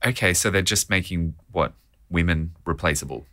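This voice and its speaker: A woman's voice: rumbling low, normal speed, a bit bright, dry recording. A woman co-hosting a podcast, reacting in casual chat with dry, wry remarks. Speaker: podcast co-host.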